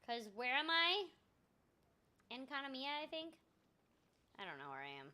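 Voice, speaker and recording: A woman with a high, bright voice that bounces all over the place chats her way through a gameplay stream. She talks in an animated, scattered way, full of ums and self-mocking little asides. Her tone is lively and chatty. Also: moderate pace, long pauses. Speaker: voice actor streaming a video game. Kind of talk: casual gameplay chat.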